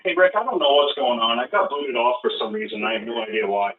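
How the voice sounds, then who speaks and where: A man's voice: medium pitch, very animated, quick pace. Chatty New England man on a phone line. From Rhode Island, New England. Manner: chatty, self-deprecating, laughs often. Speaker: host. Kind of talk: casual call-in chat. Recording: phone-like call audio.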